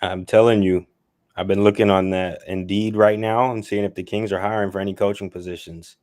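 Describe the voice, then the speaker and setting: A man's voice: fairly low pitch, flat delivery, a little fast, a little mellow, dry recording, studio quality. A man calling in to a sports show, eager and rambling, stumbling over his words. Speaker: caller. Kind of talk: phone-in chat.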